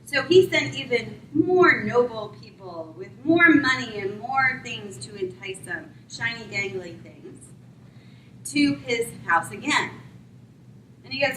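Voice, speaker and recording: A woman preaching a sermon, retelling a Bible story and acting out the characters in quick voices. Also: high-pitched, animated, bright, forceful tone, distant mic, a little hiss or hum. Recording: roomy sound from away from the mic.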